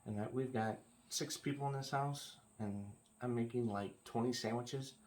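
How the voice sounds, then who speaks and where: A man's voice: mid-range voice, moderate pace, a little mellow. A man co-hosting a casual at-home vlog, reading out questions and answering with dry jokes. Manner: dry, joking, laid-back. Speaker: co-host. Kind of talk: casual chat.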